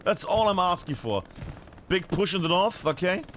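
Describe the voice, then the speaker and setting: A German man from northern Bavaria casts a live shooter match in a high voice, chatty and animated, swearing casually now and then. Gunshots sound faintly behind him. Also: moderate pace, noisy background. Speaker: esports caster. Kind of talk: live game commentary.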